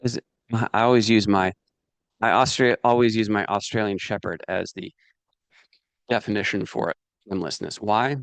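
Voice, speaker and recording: Man giving a lively motivational talk. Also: on the low side, normal speed, creaky, long pauses, no room sound. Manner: animated, asks "does that make sense" and "right" often; acts out inner voices and his dog. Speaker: speaker teaching a business course. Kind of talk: casual motivational teaching.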